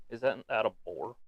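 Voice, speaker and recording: A man's voice: on the low side, breathy edge, no echo, dull audio. A man co-hosting a watch-along stream in casual chat, blurting out reactions to the match and swearing.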